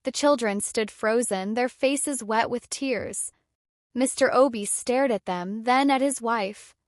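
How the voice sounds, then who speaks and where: A woman narrating a dramatic folktale in a steady storytelling manner. Her voice sits fairly high. The sound is close and dry, with no room echo. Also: slow pace.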